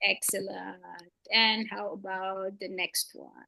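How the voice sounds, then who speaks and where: A woman's voice: medium pitch, little pitch movement, slow, vocal fry, pushed and bright, no echo. Encouraging woman teaching letters. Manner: encouraging, praises often, playful memory tricks. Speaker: Quran reading teacher. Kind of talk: one-on-one beginner lesson.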